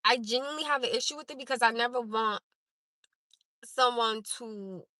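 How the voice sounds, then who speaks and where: A Newark-accented host streams from a parked car, speaking directly and openly to her chat in a casual way. Her voice is high, bright, and forceful at a moderate pace. The recording has no room sound and is low quality.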